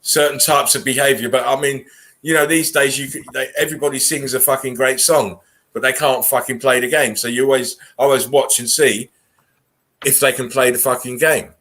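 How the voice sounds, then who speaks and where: A man's voice: mid-range voice, fairly even intonation, brisk, fairly bright tone. A man hosting a casual video call chat, rambling earnestly and swearing freely.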